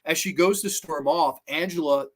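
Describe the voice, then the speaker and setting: A man hosting a horror movie review vlog, talking casually in an excitable, rambling and profane way. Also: on the high side, normal speed.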